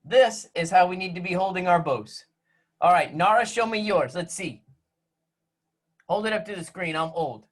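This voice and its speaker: Over a video call from home, a man teaches music to a class of children, joking and teasing them playfully while giving step-by-step instructions. His voice is high-pitched at a moderate pace with long pauses, coming through a laptop microphone.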